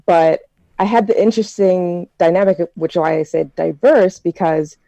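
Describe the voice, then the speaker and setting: A woman's voice: lowish voice, normal speed, vocal fry, dark tone, no room sound, muffled recording. An American woman telling stories in a casual group discussion, chatty and reflective with plenty of fillers. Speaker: discussion participant.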